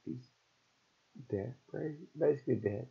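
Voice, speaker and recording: Middle-aged man, husky and raw, telling a painful story in fits and starts; muffled lo-fi recording. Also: mid-range voice. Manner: halting, repetitive, raw. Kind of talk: emotional personal story. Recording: dull lo-fi recording.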